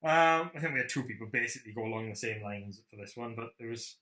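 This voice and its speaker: A young Welsh man co-hosting a podcast in casual chat, talking fast, joking and swearing. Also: medium pitch, reverberant, a crowd in the background. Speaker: podcast co-host.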